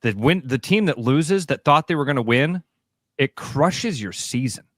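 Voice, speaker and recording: A man's voice: mid-range voice, lively intonation, normal speed, no room sound, clean studio sound. A man co-hosting sports radio, talking animatedly with frequent restarts and some swearing.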